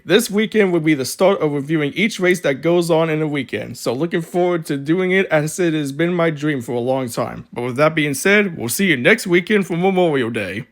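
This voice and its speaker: A man walks fans through a race weekend in a casual, matter-of-fact tone. His pitch sits a touch high. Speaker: host of fan recap. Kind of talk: casual race recap narration.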